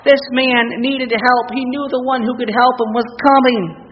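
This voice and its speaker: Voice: sits high, steady tone, normal speed. A preacher giving a sermon who reads scripture verses aloud and then speaks directly to the listeners to urge them on. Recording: long reverb, dull lo-fi sound, faint noise.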